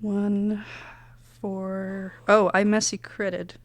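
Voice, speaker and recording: A woman playing a tabletop role-playing game, chatting casually with quick, laughing reactions. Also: medium pitch, flat delivery, a crowd in the background. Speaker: player.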